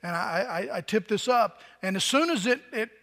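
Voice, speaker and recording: An older male pastor with a notably high voice tells a story from the pulpit, conversational and full of asides. His words ring out with a long reverb in a church hall. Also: expressive, normal speed, a bit bright. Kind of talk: sermon.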